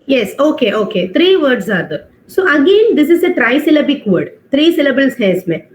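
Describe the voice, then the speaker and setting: High-voiced woman teaching online. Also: sing-song, fairly quick, a little hiss or hum. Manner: patient, explaining step by step with checking questions; mixes Hindi phrases into English. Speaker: English teacher. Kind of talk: online class lecture. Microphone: video call. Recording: dull online-class audio.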